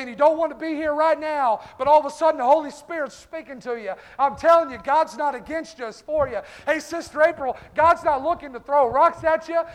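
A male pastor preaching a fervent revival-style sermon in a church, calling out congregation members by name. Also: very high voice. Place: church sanctuary. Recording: echoey church hall.

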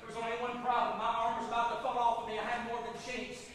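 A man preaching a sermon in a church, building to shouted fervor and calling to the congregation. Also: very high voice, completely flat delivery, fast talker, slight background noise. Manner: rising into shouted fervor, call-and-response. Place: church sanctuary. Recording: echoey hall, distant mic.

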